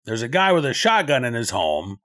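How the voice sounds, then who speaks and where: A man hosting a news commentary show, talking things through in a loose, conversational way with frequent filler pauses. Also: mid-range voice, sing-song, pushed and bright.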